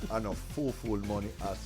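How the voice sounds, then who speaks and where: Laughing, animated man. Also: lowish voice, measured pace, music in the background. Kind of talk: casual banter.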